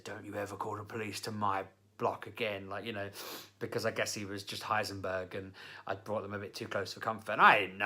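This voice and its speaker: Bright-voiced young man rambling. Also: on the low side. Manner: rambling, animated anecdotes with fillers. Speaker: vlogger. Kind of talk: casual storytelling to camera.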